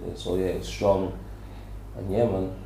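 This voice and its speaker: A man's voice: deep voice, level tone, a little slow, creaky, warm tone, slight background noise. A middle-aged man from Birmingham with a Birmingham accent mixed with South London, chatting loosely as a podcast guest, full of restarts and fillers. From Birmingham, England. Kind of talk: casual interview chat. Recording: echoey room.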